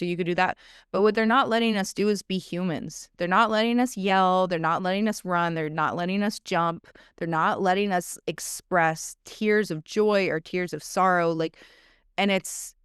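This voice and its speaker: A woman's voice: on the low side, smooth, dry recording, clean studio sound. A woman co-hosting a podcast, talking in a passionate, emphatic way and repeating phrases to drive points home. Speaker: podcast co-host. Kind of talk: casual podcast chat.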